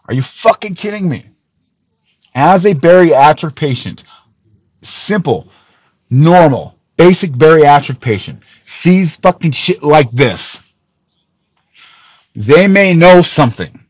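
A man's voice: sing-song, slow pace, pauses often, no echo, poor audio. Profane, heated man ranting on a podcast. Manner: profane, heated, swings from shouting to low muttering. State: missing teeth, awaiting dental work. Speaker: podcast host. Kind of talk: angry callout rant.

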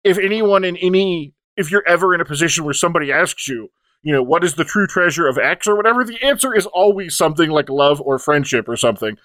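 A man's voice: on the high side, animated, fast talker, a bit bright, no room sound. A man co-hosting a podcast, chatting casually about a tabletop game session and rambling through asides while quoting the other players. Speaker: podcast co-host.

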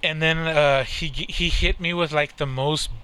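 A man's voice: on the high side, fairly even intonation, moderate pace, background noise. A young man hosting a podcast, telling a rambling, profane story in casual banter. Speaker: podcast host.

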